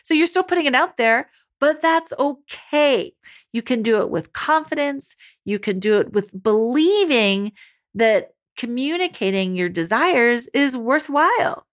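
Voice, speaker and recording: Encouraging coach woman, higher voice. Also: expressive, a little slow. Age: adult mother. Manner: encouraging, speaks directly to listeners as mamas. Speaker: parenting coach for mothers. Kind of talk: motivational podcast coaching talk.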